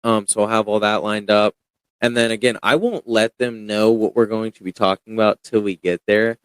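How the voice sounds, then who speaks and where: A young man chatting casually as a podcast guest, telling stories in a rambling, animated way with lots of fillers. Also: on the low side, normal speed, clear, resonant tone, no room sound. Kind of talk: casual chat.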